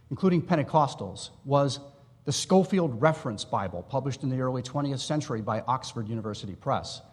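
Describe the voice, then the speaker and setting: A man giving an academic lecture, explaining history in a measured way with asides to his listeners. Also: on the high side. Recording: long reverb in a hall.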